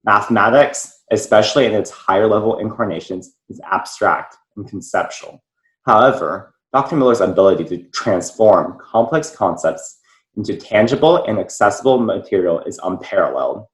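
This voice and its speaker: A teenage boy, a student, reading a formal prepared speech in a measured, articulate way. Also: fairly low pitch, expressive, reverberant, rough recording. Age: teens.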